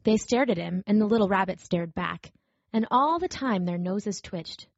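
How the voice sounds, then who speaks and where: A woman narrating a storybook aloud in a gentle, even storytelling manner. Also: mid-range voice, normal speed, no echo. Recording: dry, slightly dull recording.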